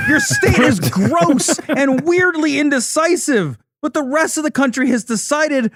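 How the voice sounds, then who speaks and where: A man's voice: very high-pitched, huge pitch swings, a little slow, hardly any pauses, fairly bright tone, no echo. A man delivering punchy, ranting roast jokes at a live comedy show.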